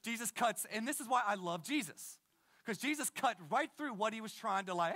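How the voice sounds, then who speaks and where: A man in his thirties preaching a sermon, casual and energetic, with slang and frequent restarts. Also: high-pitched, fairly quick. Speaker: pastor.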